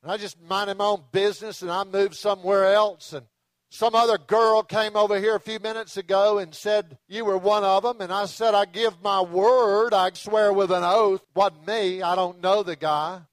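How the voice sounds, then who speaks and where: A preacher putting on a hot-headed man backed into a corner, fast, loud, high-pitched and blustering, threatening everyone around him. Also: fairly even intonation, dry recording, clean studio sound, lightly acted. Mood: angry, defensive. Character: hot-tempered grown man, cornered, swearing and defensive.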